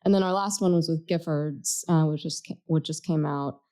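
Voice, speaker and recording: Woman co-host, low mellow voice, earnest and reflective in casual chat. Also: moderate pace. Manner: earnest, reflective, thinks aloud. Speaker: podcast co-host.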